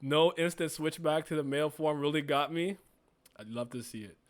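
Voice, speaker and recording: A man giving casual, slangy reaction commentary, excitable and laughing often, jumping into high yelps and exclamations. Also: normal speed. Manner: slangy and profane banter. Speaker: webcomic reaction host.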